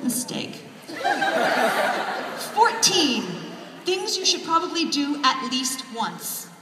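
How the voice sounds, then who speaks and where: A woman's voice: high-pitched, big pitch swings, slow pace, background noise. A woman author giving a comic keynote speech, wry and self-deprecating with punchy jokes. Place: large hall. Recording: echoey hall from far off, crowd. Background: audience laughter.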